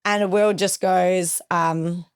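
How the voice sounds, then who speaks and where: A young woman with a slightly low voice, speaking as a podcast guest. She tells a personal survival story with vivid retelling, jumping into other people's lines as she goes. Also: fairly even intonation, slow, clean tone. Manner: vivid retelling with acted-out quotes.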